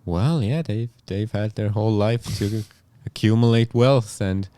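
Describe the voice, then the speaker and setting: A man, a guest comedian chatting in a halting, laid-back way. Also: fairly low pitch, mellow. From Estonia. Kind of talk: casual chat.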